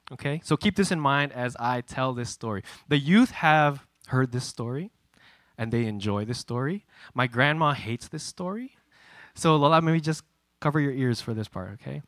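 A man in his twenties preaching, who tells a story with lively energy. His voice is bright and a little high, and the recording is dry. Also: no echo. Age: 20s. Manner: animated, chatty storyteller. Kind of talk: sermon storytelling.

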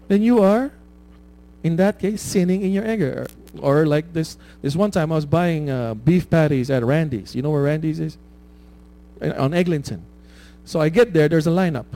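A man's voice: on the high side, moderate pace, mellow. A man preaching a conversational sermon, often asking "right?" and laughing at his own stories.

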